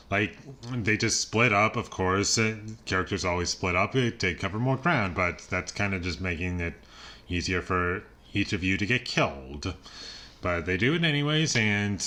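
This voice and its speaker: A man's voice: fairly low pitch, pushed and bright. A man giving a casual solo movie review, loose and chatty with lots of filler words and frequent chuckles. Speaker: film reviewer.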